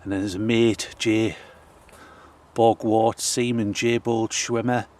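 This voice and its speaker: A man gives a casual walking tour of a cemetery. He reads old headstones aloud with pauses and restarts, and he is out of breath. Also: on the low side, little pitch movement, a little mellow. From North East England. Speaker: local history vlogger. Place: outdoors in a cemetery.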